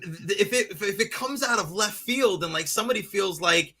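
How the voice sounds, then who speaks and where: A man co-hosting a podcast in casual chat, animated, with lots of fillers and laughter. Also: high voice, a little fast, breathy edge. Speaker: podcast co-host.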